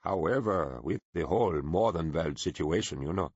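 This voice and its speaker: A man voicing a nervous, bashful envoy who hesitates and apologizes often, husky-voiced. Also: low-pitched, expressive, normal speed, dry recording, highs cut off. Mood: awkward. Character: nervous bashful middle-aged male ship envoy.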